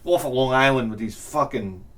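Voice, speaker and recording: A man's voice: medium pitch, normal speed, a bit bright. A man hosting his show, telling a profane story in a casual rant and laughing along with it. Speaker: host.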